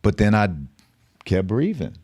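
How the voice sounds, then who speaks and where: A man's voice: lowish voice, very animated, a little slow, darkish tone, dry recording, clean studio sound. A middle-aged man from the Bay Area, a guest telling his story in a blunt, profane, streetwise way. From San Francisco Bay Area. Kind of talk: casual storytelling interview.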